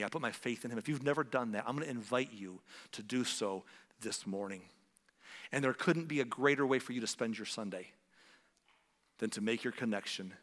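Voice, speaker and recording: A man preaching as a pastor, leading an earnest Easter altar call and a slow, hushed prayer in a church. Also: lowish voice. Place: church sanctuary. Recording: long hall reverb.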